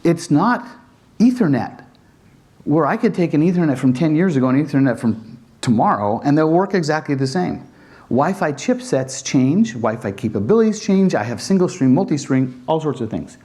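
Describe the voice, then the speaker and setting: Animated man with a lively voice. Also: on the high side, normal speed. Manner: animated, acts out dialogues with customers. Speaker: Wi-Fi design instructor. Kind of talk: conference presentation.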